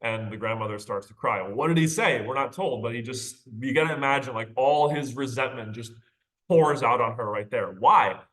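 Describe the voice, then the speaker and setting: Man, literature teacher, casual lecture, keeps asking "right?", middle pitch. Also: moderate pace, fairly bright tone. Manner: conversational, checks in with "right?" and "okay?"; asks rhetorical questions and laughs lightly. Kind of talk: recorded lecture on a short story.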